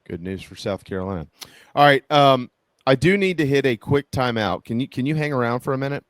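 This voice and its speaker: A man hosting a sports talk radio show in a casual, folksy way, joking and rambling with frequent restarts. His voice is dry and close on a studio microphone, sitting at a middle pitch. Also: animated, a little fast, dry recording.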